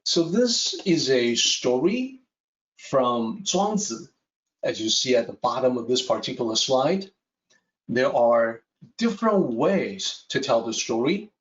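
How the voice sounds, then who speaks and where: A man teaching a Taoist text, telling a traditional story in a measured lecture style. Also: mid-range voice, recorded from a distance. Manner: slow, measured, with lively rises and falls. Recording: echoey room, dull sound.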